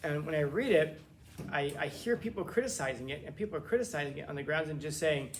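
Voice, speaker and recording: A man's voice: a little high, expressive, quick pace, a little hiss or hum. Joking man lecturing a class. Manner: conversational, joking asides, many restarts. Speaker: teacher.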